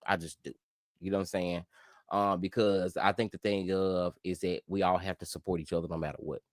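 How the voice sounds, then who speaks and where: A middle-aged man with a Memphis Southern accent, hosting a casual commentary vlog in a rambling, profane way, full of restarts and sudden animated exclamations. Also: low-pitched, brisk, dry recording. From Memphis, Tennessee. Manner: rambling, profane, with frequent self-interruptions and restarts. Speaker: YouTube commentary host.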